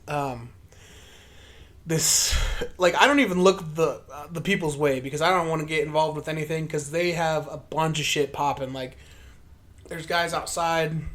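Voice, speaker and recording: A podcast co-host telling a story in casual chat, rambling and profane with lots of fillers, acting out their own past remarks in a livelier voice. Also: medium pitch.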